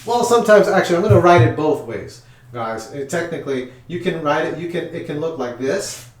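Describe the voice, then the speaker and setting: Teaching small children music in a chalkboard-lined room, a man speaks a little high, expressive and fairly quick. He cheerfully counts in, leads call-and-response chants and urges the kids to join, heard through a distant mic in an echoey space with a little hiss or hum.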